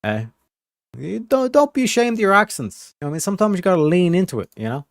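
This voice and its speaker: A profane, rambling streamer from California, his accent rural and touched by the South, talks straight to his audience in casual commentary. He speaks quickly in a high, sing-song voice, recorded studio-clean with no echo.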